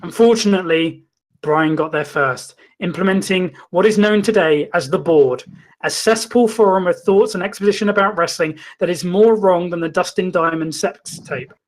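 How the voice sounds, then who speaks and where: A man hosting a comedy show, reading a mock-documentary story in a deadpan, mock-dramatic way. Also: sits high, moderate pace. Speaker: comedy host. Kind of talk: mock-documentary comic narration.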